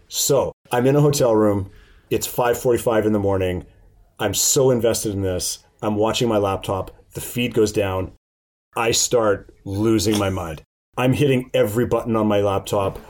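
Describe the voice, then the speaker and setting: A man telling a story in casual chat, animated, swearing and laughing often. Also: mid-range voice.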